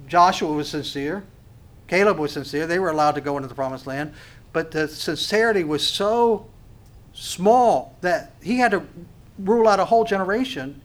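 A man preaches a sermon in a high, ringing voice, full of passion. He drops into short acted-out exchanges between God and his listeners.

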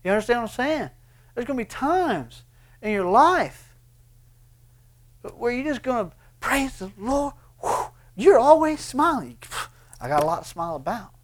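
A man delivers an impassioned sermon. His voice leaps up on emphatic lines and sinks low and quiet when he presses a point. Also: very animated, unhurried. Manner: impassioned preaching, swings between loud bursts and hushed lines. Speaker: pastor.

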